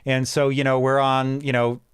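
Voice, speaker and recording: A man hosting a casual tech livestream from his home office, chatting in a relaxed way with frequent ums and restarts. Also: mid-range voice, normal speed, clear, resonant tone. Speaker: livestream host.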